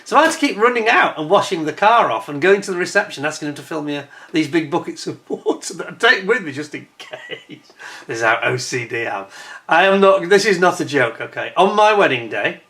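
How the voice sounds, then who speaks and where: A man chatting casually to camera, telling a personal anecdote in an animated way with frequent restarts and laughs. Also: on the high side, brisk. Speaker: vlogger.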